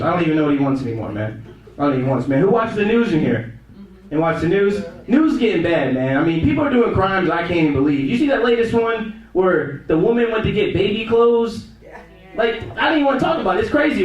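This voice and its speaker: A stand-up comedian with a high, light voice, talking loosely and casually to a small club crowd. He is heard from far off in a very echoey room. He drifts between his own voice and quick impressions. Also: a little hiss or hum. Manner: laid-back, conversational, slips into quick impressions. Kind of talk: stand-up set. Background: audience laughter.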